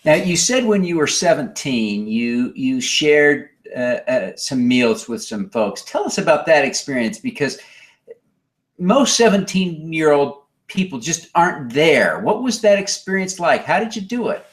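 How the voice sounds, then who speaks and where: A man's voice: on the high side, very animated, unhurried. A man hosting an interview, politely drawing out his guest's story. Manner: polite, encouraging. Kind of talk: interview questions.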